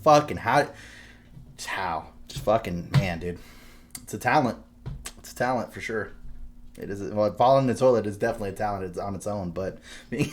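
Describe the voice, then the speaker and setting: A young man telling stories in casual podcast chat, swearing often and laughing loudly. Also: on the low side. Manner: profane, animated storytelling. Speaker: podcast co-host.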